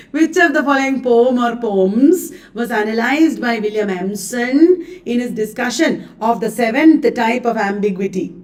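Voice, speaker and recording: A woman's voice: fairly high pitch, lively intonation, measured pace, darkish tone, recorded from a distance. A woman with an Indian accent coaching students live on literature exam questions, chatty and laughing often, mixing in Hindi words. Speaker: literature teacher.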